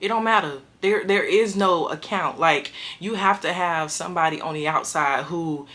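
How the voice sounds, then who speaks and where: Young woman, animated storyteller, bright and slangy, leaps up high for quotes. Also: normal speed. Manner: emphatic, slangy, acts out quotes with big jumps in pitch. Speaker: vlogger telling a prison story.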